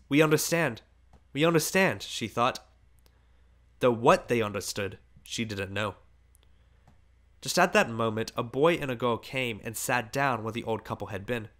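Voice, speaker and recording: A man's voice: medium pitch, fairly bright tone. A man narrating a literary short story as an audiobook, reading expressively with emphatic rises.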